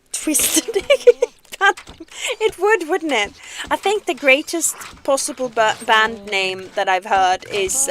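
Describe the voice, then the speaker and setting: A woman casually chats while streaming a game, playful and giggling often. Her voice is a little high and a bit bright.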